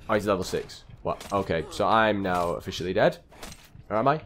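A man's voice: on the low side, animated, brisk, faint music behind. A man giving live gameplay commentary, talking to himself in a flustered way and repeating phrases as he plays. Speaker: gaming channel host.

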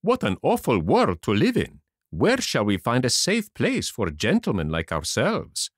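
A man's voice: medium pitch, wildly swooping pitch, measured pace, dry recording, studio quality. A man doing a sly, oily fox. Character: sly smooth-talking fox, a flattering swindler.

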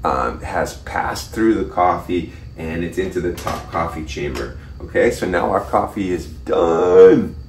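A man hosting a casual how-to video, talking viewers through each step in his kitchen in a relaxed, chatty way. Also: low voice, measured pace, hardly any pauses, echoey room, recorded from a distance, a little hiss or hum. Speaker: host of a how-to channel. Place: kitchen indoors.

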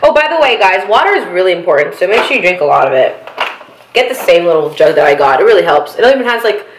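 Bubbly young woman, loud, echoey room. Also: fairly low pitch, very animated, fast talker, noisy background. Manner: bubbly, giggly, talks loudly. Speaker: mukbang host. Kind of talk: casual eating-show chat.

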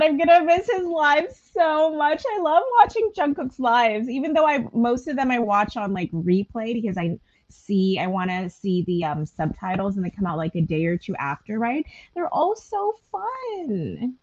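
A woman hosting a reaction video, talking in a casual, gushing and emotional way with a lot of "like" fillers. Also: high voice. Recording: dull lo-fi audio.

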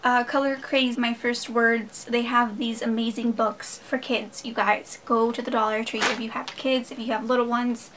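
A woman's voice: on the high side, flat delivery, moderate pace, few pauses, fairly bright tone, slight background noise, rough recording. A young woman chatting casually in a haul vlog, gushing and enthusiastic as she talks to her viewers. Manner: gushing, enthusiastic, addresses viewers as "you guys". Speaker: haul vlogger.

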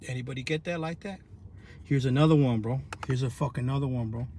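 A man's voice: medium pitch, fast talker, warm tone, slight background noise. A man telling a rambling story in a loose, slang-heavy way, full of restarts and "you feel me" tags. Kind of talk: casual storytelling monologue.

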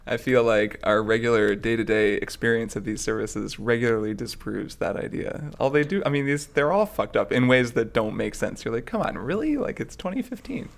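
A man's voice: on the low side, fairly even intonation, normal speed, creaky, hardly any pauses. A man co-hosting a podcast, chatting casually and playfully. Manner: playful, joking. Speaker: podcast co-host. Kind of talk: casual chat.

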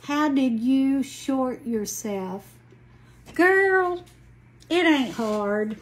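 A woman in her late sixties with a Southern Alabama accent hosts a casual craft livestream, chatting folksily as she works and greeting viewers by name. Her high voice has lively intonation and a very slow pace, with a little hiss or hum in the recording.

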